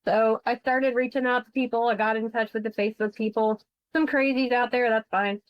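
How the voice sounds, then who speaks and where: As a podcast guest, this insurance fraud investigator speaks a little fast with a slightly high voice and fairly even intonation. She tells her story bluntly and emotionally, cursing freely, in a dull recording with no room sound.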